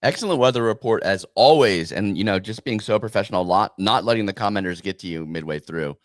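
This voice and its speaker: A man co-hosting a casual crypto podcast, giving relaxed, thoughtful commentary. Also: lowish voice, brisk, no echo, clean studio sound. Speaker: podcast co-host.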